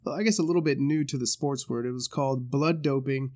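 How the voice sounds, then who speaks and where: A man co-hosting a podcast in casual chat, telling stories loosely with swearing, jokes and quick put-on voices. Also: mid-range voice, darkish tone. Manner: loose, swearing storyteller who does voices and laughs often. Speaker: podcast co-host.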